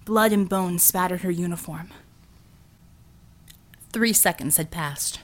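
A woman giving a steady, measured scripted audiobook narration. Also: lowish voice.

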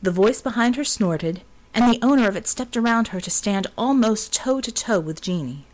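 A woman reading a novel aloud as an audiobook narrator, steady and expressive. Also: a little high, normal speed. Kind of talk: scripted narration.

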